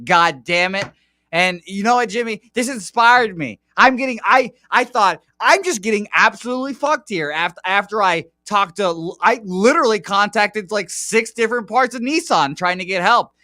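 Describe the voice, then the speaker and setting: A man's voice: high-pitched, normal speed, sharp tone, no room sound. Profane, ranting man hosting a betting show. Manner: angry profane rant. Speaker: host. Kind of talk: casual sports betting chat.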